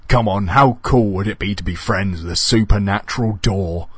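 A man's voice: on the low side, normal speed, fairly bright tone, breathy edge, dry recording. A man voicing a gloating, cackling haunted door that turns out to be lonely. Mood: pleading. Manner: gloating, then whiny and pleading.

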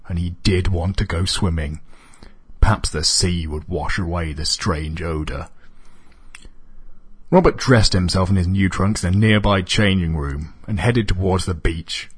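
A man reading a comic story aloud as narrator, in a deadpan manner. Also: low-pitched, husky.

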